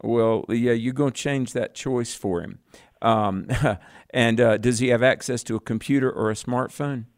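A man's voice: medium pitch, fairly even intonation, unhurried, no echo, studio quality. A man co-hosting a call-in Bible radio show, giving firm, fatherly advice with preacherly emphasis.

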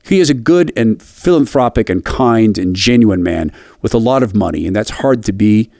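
A middle-aged man hosting a radio commentary, telling a personal story in an earnest, halting way with frequent restarts. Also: lively intonation, creaky, mellow, no echo, clean studio sound. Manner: earnest, halting, with restarts and a wide pitch swing.

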